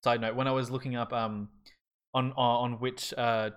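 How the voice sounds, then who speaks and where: Very low-voiced, wry woman. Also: flat delivery, normal speed, smooth. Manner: wry, laid-back, swears casually. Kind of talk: casual chat.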